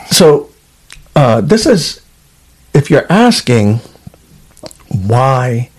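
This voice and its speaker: A man in an interview, talking about his time as a trooper and reading email chains aloud. He speaks casually, with many fillers and false starts, in a voice of ordinary pitch. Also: breathy edge. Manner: conversational, reads out documents, frequent fillers. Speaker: former state trooper.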